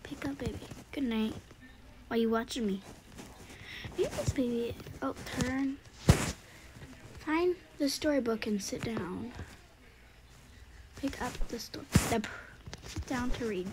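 A woman's voice: a little high, unhurried, long pauses, very noisy. A woman playing a video game, casually talking and half-whispering the tasks she reads aloud. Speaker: gaming youtuber. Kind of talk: casual let's-play commentary.

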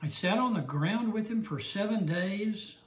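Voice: mid-range voice, animated, measured pace, reverberant. A Bible class teacher giving an evening lesson and telling a joke with chuckles and restarts.

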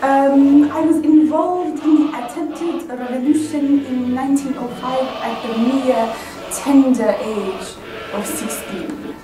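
A woman's voice: sits high, far from the mic, noisy background. A girl playing a boastful young revolutionary. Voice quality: put-on French accent. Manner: boastful, halting, laughing at herself. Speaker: student. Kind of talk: classroom role-play. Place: classroom. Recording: echoey classroom from afar with music.

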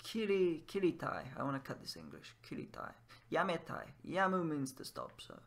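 A slightly high male voice with vocal fry, huge pitch swings, and a normal pace carries this casual gameplay commentary. The language teacher tries out Japanese phrases mid-game and explains them in English, thinking aloud as he switches languages.

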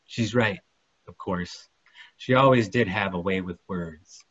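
A man reading his fiction aloud at a literary event, with expressive, dramatic delivery. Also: low voice, unhurried. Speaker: featured author. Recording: muffled lo-fi recording.

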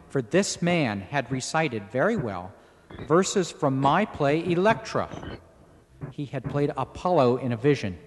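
A young man narrating his own poem in a measured, deliberate recitation. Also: mid-range voice. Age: young adult. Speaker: poet narrator. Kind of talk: spoken poetry narration. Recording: echoey with steady background noise.

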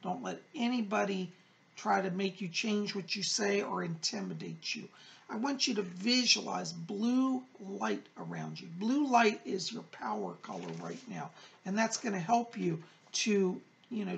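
A man's voice: sits high, sing-song, measured pace, vocal fry, lo-fi sound. A man hosting his own psychic show, chatting effusively to viewers and calling them by pet names. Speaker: psychic medium, show host. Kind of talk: casual chat to viewers.

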